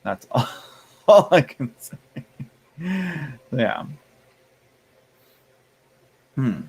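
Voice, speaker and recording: With a medium-pitched, sing-song voice that's slow, darkish, and breathy at the edges, this weary streamer reads tarot for his audience. His talk meanders through fillers and restarts, broken by occasional yawns, as he teases viewers with sassy "y'all" and "honey."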